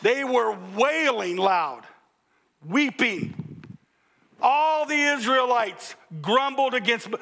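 An older male pastor preaches a sermon in a very high-pitched, gravelly voice. He jokes, stays animated, calls out to the congregation and sometimes breaks into loud exclamations.

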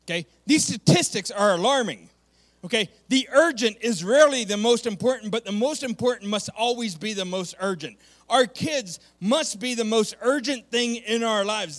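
A man with a notably high voice preaches to his congregation in a conversational, emphatic way. He repeats his main points for effect and keeps checking in with his listeners. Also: fairly bright tone. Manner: conversational preaching with frequent "okay". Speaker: pastor. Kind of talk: sermon.

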